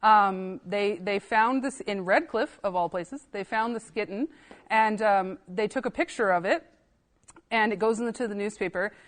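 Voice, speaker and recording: Animated woman telling archive anecdotes. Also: medium pitch, moderate pace. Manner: lively anecdotes, acts out dialogue; frequent laughs and fillers. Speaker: assistant archivist, guest. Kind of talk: casual podcast storytelling.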